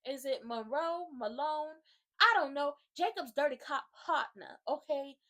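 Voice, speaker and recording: High-voiced woman ranting a show recap. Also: measured pace. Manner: animated, slangy, talks straight to viewers. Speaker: YouTube host recapping a TV drama.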